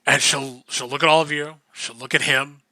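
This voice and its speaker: Bright-voiced male game master. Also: fairly high pitch, flat delivery, moderate pace, no room sound. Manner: rambling, full of fillers. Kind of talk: narrating a tabletop game.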